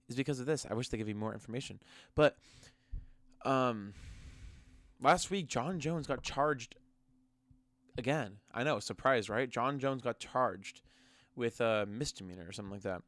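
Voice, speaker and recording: A man's voice: mid-range voice, dry recording. A young man ranting casually and profanely about combat sports, mocking and heated. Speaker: MMA commentary vlogger. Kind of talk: casual rant to camera.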